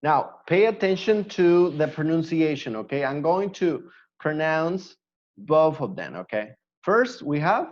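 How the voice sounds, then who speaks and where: A man's voice: on the high side, expressive, unhurried, highs cut off. A man teaching an online English class, patiently repeating words to drill pronunciation.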